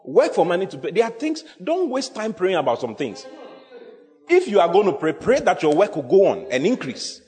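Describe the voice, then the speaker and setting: A man preaching a sermon in a big church hall, his voice trailing off into a long echo. He speaks a little high for a man, hammering on key phrases and throwing questions at the congregation. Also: huge pitch swings, fairly quick, a little mellow. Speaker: pastor.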